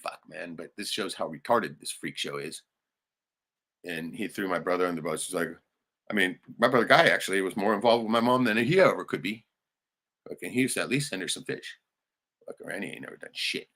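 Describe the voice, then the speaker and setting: A man's voice: low-pitched, lively intonation, fairly quick, pauses often, fairly bright tone. A man hosting a livestream, ranting heatedly and swearing, with laughing asides. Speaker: livestream host.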